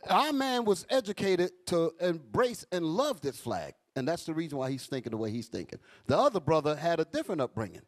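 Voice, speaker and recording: A man with preaches a sermon as bishop, joking and animated. His voice sits fairly high and swings widely from low asides to soaring lines. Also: a little fast, hardly any pauses. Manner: animated, joking, street talk.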